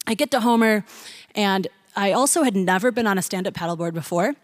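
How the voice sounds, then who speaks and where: A woman's voice: medium pitch, brisk. A woman telling a personal story in a chatty way, laughing often and using many fillers.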